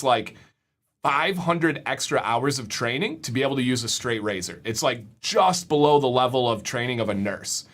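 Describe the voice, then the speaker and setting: A man's voice: medium pitch, fairly bright tone. A young man hosting a casual livestream, upbeat, often repeating words as he reads the chat. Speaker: livestream host.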